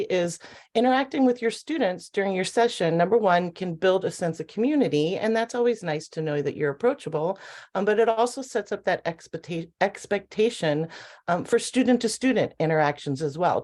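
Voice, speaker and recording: A woman's voice: fairly low pitch, a little mellow. A woman presenting on a video call webinar, friendly and conversational, chuckling now and then.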